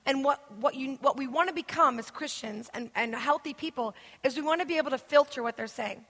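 A woman teaches a church gathering in a high, bright voice, animated and acting out the people she quotes. Her words ring with the long reverb of a large hall. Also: fairly quick, few pauses. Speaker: guest speaker.

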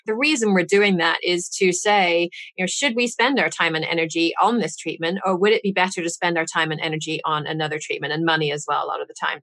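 A woman's voice: lowish voice, steady tone, quick pace, few pauses, a bit bright, dry recording. A woman hosting a podcast, asking long, thoughtful questions and laughing easily. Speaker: podcast host. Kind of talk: podcast interview.

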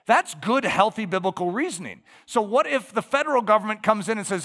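An American man preaching to his congregation, his high, bright voice leaping up and down as he stacks emphatic lists. He throws out rhetorical questions and presses his points with animated conviction. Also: fairly quick, in a large hall. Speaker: pastor. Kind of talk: sermon.

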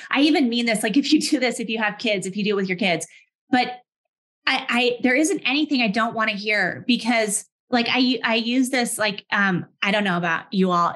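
A woman in her thirties, a head of HR, speaking conversationally in a webinar with lively anecdotes and frequent restarts. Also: fairly high pitch. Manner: animated, restarts often, vivid everyday anecdotes. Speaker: head of HR, session host.

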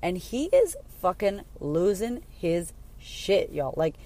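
A woman in her thirties, a mom coach who hosts a podcast for mothers, talks casually and bluntly to listeners, swearing freely as she tells stories. Her voice is fairly low and dark in tone, with big pitch swings and a slow pace.

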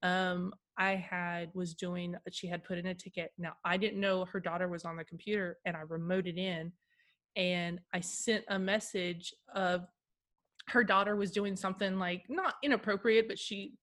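A woman's voice: lowish voice, steady tone, normal speed, fairly bright tone. A woman who works in school IT support, casually telling funny stories and laughing often. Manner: chatty, giggly storyteller. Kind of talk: casual podcast chat.

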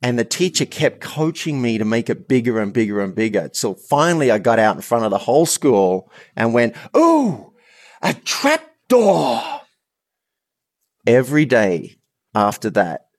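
An Australian man in his fifties, a coach telling stories as a podcast guest in an earnest, animated way with frequent restarts. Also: mid-range voice, moderate pace, no echo, studio quality. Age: 50s. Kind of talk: storytelling in a podcast interview.

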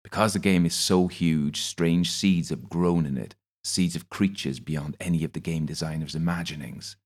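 Brief: male reader doing a patient, formal shopkeeper-apothecary, very deep-voiced, audiobook character. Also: moderate pace, slightly rough. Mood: explaining.

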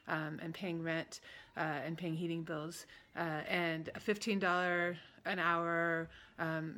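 Woman, 40s, pastor, earnest, measured, low, bright. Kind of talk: prepared public remarks.

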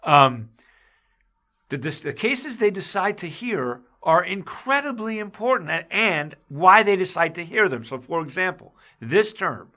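A podcast host chats casually about law in a high-pitched, sharp-toned voice with big swings in pitch. He speaks unhurriedly but emphatically, often restarting his sentences, and he gets heated and raises his voice.

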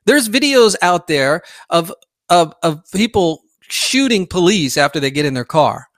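Blunt, fairly high-voiced male podcast host. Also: big pitch swings, measured pace, fairly bright tone, no room sound, clean studio sound. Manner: blunt, emphatic, conversational. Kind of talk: opinionated political podcast monologue.

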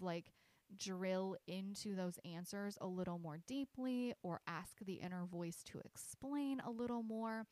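A woman's voice: mid-range voice, dry recording. A woman hosting her own podcast, earnestly explaining her coaching sessions with frequent "like" and small restarts. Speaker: podcast host and intuition coach.

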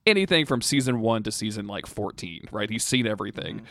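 A man's voice: fairly low pitch, fairly quick, dry recording, studio quality. A young man co-hosting a podcast, telling a story in casual chat and acting out the quotes. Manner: animated storytelling, acts out quotes. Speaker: podcast co-host.

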